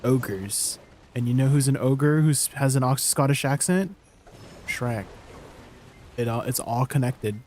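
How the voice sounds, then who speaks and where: A man's voice: medium pitch, measured pace, long pauses, a little mellow, a little hiss or hum. A man streaming, chatting casually and playfully with viewers. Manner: playful, chatty, laughing, reacting.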